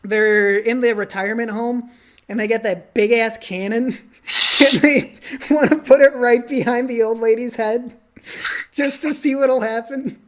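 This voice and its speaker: A woman's voice: fairly high pitch, steady tone, unhurried. A woman co-hosting a podcast, chatting casually and enthusiastically about movies and swearing loosely. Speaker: podcast co-host.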